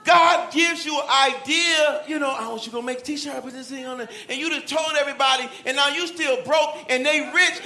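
A man preaching a sermon in a lively, animated way, shouting at times and dropping to a hush, acting out Bible figures. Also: very high voice, a little fast, gravelly, hardly any pauses, echoey room, some chatter behind, slight background noise.

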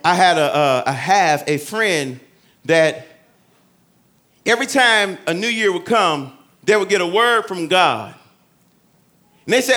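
High, bright-voiced male preacher. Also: lively intonation, measured pace. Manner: swings between loud shouted emphasis and hushed asides; conversational, folksy preaching with humor. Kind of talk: sermon.

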